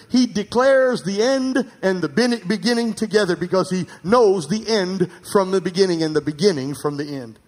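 A high-pitched male pastor delivers a sermon with fervor. He climbs to emphatic, almost shouted peaks, then drops to hushed asides, and he calls out for amens from the congregation. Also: animated, normal speed, few pauses. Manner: rising to emphatic, near-shouting peaks and dropping to quiet asides.

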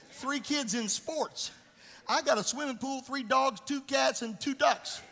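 Brief: high, bright male pastor, blunt and scolding, preaching in a reverberant church hall. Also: slight background noise. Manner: blunt and scolding, swinging to shouting. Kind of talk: sermon.

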